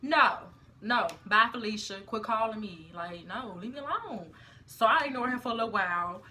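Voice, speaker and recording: A young woman telling a story in a casual vlog, animated and full of slang. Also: on the high side, normal speed, slight background noise. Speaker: vlogger.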